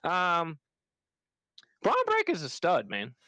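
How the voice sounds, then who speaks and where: Animated woman co-host, lively pitch. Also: slow. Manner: animated, joking. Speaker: podcast co-host. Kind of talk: casual wrestling chat.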